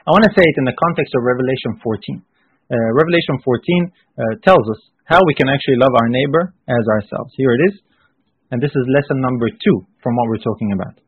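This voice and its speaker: A man preaching a sermon emphatically, repeating phrases and rising into forceful bursts. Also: mid-range voice, fast, no echo. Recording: husky voice on a tinny phone-like line.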